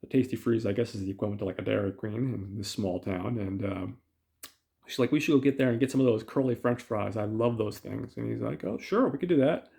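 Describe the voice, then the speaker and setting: Gravelly man rambling through a film recap. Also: fairly low pitch, steady tone, a little fast, dark tone. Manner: rambling retelling with filler words, acting out quoted lines. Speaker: podcast host.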